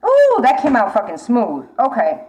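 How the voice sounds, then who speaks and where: A woman's voice: a little high, wildly swooping pitch, moderate pace, darkish tone, slight background noise, low-quality recording. A woman giving a tarot reading to a viewer, talking bluntly and urgently, swearing often and repeating her warnings. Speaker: tarot reader. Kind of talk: casual spoken tarot reading.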